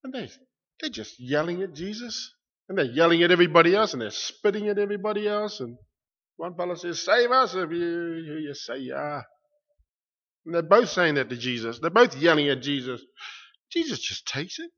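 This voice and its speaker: A man preaching a sermon with passion, dropping to a hush and then rising loud, repeating his phrases for weight. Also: a little high, sing-song, a little fast. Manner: impassioned, swings from hushed to loud, repeats phrases. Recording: muffled lo-fi recording.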